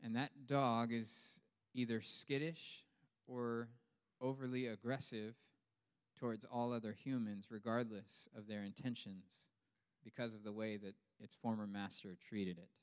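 Man, pastor, sermon, smooth resonant voice, long hall reverb, humorous preaching. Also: medium pitch, steady tone, measured pace. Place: church hall.

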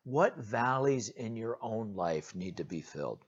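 A pastor with a fairly low, husky voice delivers a sermon in an earnest, direct manner, animated yet unhurried, pausing on fillers and repeating words. The recording is dull and lo-fi, its highs muffled.

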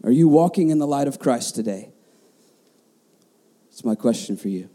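A man's voice: mid-range voice, lively intonation, moderate pace, dark tone. A man preaching a sermon as a pastor, passionate, often repeating words and asking the congregation questions.

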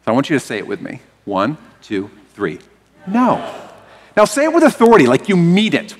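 Lively male pastor in a reverberant hall. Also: high-pitched, fast talker. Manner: animated, leads congregation in call-and-response. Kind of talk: sermon.

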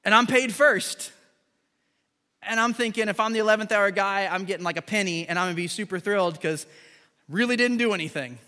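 A man's voice: high voice, a little fast. A man preaching a sermon in a church, telling stories and acting out dialogue between characters. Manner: animated storytelling, acting out dialogue. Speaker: pastor. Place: church sanctuary. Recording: large hall with music behind.

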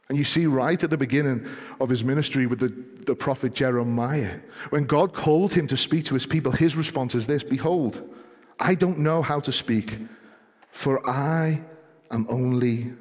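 A man preaching a sermon, moving from calm explanation to rising, emphatic delivery. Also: medium pitch, moderate pace. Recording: long hall reverb.

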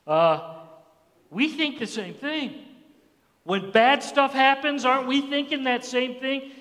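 A male pastor preaching a sermon who acts out Bible voices with sudden jumps in pitch. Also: expressive, a little slow, sharp tone. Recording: long hall reverb.

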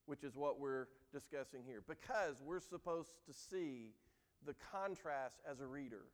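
High-voiced man preaching in a reverberant hall. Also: smooth. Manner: earnest preaching, acts out quoted lines with rising emphasis. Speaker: pastor. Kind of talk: sermon.

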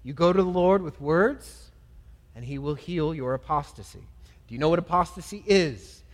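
A male pastor preaching an earnest sermon, rising loud on pleas and dropping soft on scripture. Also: a little high, animated, moderate pace, long reverb tail.

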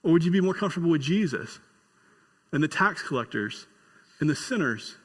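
A male pastor delivers a story-driven sermon with homespun humor and bursts of excited emphasis. His voice sits somewhat high for a man, and a long church reverb hangs after each line. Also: brisk, breathy edge.

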